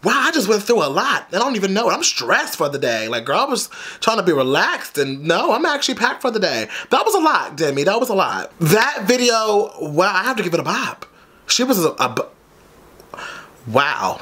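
A man hosting a music video reaction, dramatic, sassy and loud, full of slang. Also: sits high, big pitch swings, moderate pace. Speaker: YouTube reaction host. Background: faint music from the video.

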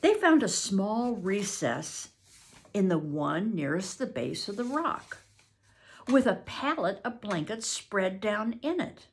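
An older woman reads a classic novel aloud, taking her time. Her pitch rises and falls in a lively storytelling way. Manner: slow, expressive storytelling. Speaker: reader.

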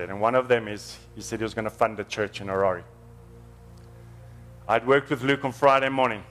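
A man's voice: lowish voice, normal speed, a bit bright, faint music behind. A man, preaching a storytelling sermon in a church in an earnest, emotional, conversational way.

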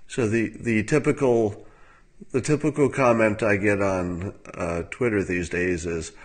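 Male commentator, low-pitched, dry musing delivery, casual webcam talk. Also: steady tone, a little slow. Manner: wry and musing, with filler words and soft laughs.

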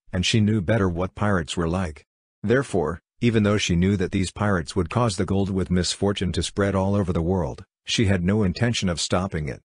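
A man narrating an audiobook in a steady, even storytelling manner. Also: deep voice, breathy edge, no room sound, clean studio sound. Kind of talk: scripted narration.

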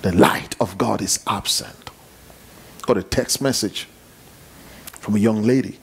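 A man preaching a sermon with repetition and emphasis, dropping to hushed tones and rising to near shouts. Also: lowish voice, unhurried, creaky, a little hiss or hum.

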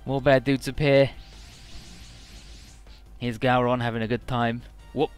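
A man's voice: medium pitch, level tone, a little slow, clean tone, faint music behind. A man casually narrating a video game playthrough, loose and rambling, with lots of fillers and the odd swear word. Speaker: let's play commentator.

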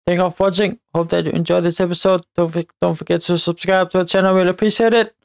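A young man commentating his own football video game match as he plays, cheering, chanting and shouting at the referee. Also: sits high, little pitch movement, fast, gravelly, clean tone, no room sound, studio quality. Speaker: gaming channel host. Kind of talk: live gameplay commentary.

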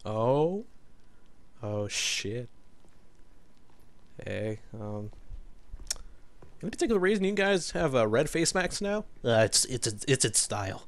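Brief: young male let's-player, easygoing slow delivery, jokey and crude, laughs a lot, slightly sniffly. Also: medium pitch, big pitch swings. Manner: joking, swearing, laughing often, mock voices. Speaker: let's play gamer. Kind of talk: casual game commentary.

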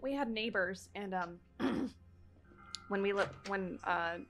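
A woman's voice: medium pitch, slow, fairly bright tone, soft background music. A young woman from the United States chatting and giggling casually as a let's play host. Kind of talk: casual gameplay commentary.

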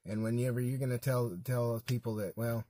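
A man's voice: mid-range voice, flat delivery, a little fast, warm tone, dry recording, studio quality. An American man giving an emphatic, folksy political monologue with blunt repetitions. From United States. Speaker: political commentator.

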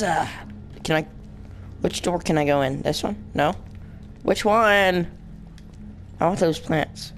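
A man's voice: a little high, slow, long pauses, a bit bright, slight background noise. A young man commentating his own gameplay, rambling and jokingly insulting the characters on screen. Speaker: gaming channel host. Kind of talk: let's play commentary.

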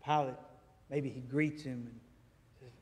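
Animated male preacher, echoey church. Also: mid-range voice, a little slow. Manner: animated storytelling, acts out dialogue. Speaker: guest preacher. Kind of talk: sermon. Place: church sanctuary.

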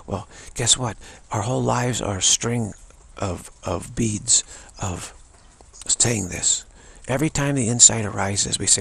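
A man giving an unscripted spiritual talk, halting and repeating words between pauses. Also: on the low side, a bit bright. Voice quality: gravelly, husky. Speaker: spiritual teacher.

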